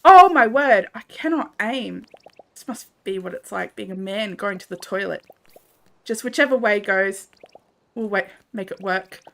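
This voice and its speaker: A woman's voice: mid-range voice, lively intonation, unhurried, creaky, a bit bright. An Australian woman streaming a game, chatting casually with viewers, laughing often and swearing a little. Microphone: desk microphone.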